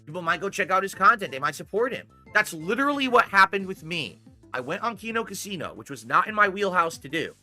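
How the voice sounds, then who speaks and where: Bright-voiced defensive male streamer. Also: high-pitched, big pitch swings, fast talker, soft background music. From Connecticut, United States. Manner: defensive, rambling, addresses chat. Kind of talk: live stream monologue.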